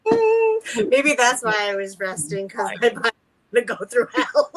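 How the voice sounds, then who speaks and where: A woman with a Boston accent chats casually as a guest on a live reading stream. She laughs a lot and tells her stories with lively energy. Her voice sits a little high. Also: a little slow, a crowd in the background, low-quality recording. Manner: laughing, animated storytelling. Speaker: psychic guest. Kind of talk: casual chat.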